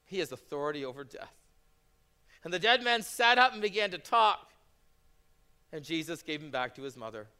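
A man in his thirties delivers a sermon in a bright, forceful voice that sits a little high for a man. He tells his stories earnestly and then builds into impassioned preaching. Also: lively intonation, normal speed, pauses often, clear, resonant tone. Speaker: pastor.

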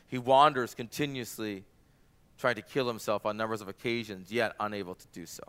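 Guy preaching a sermon, super clear voice, gets loud and fired up on the quotes. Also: medium pitch. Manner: animated, rises loud for quoted cries. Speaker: pastor.

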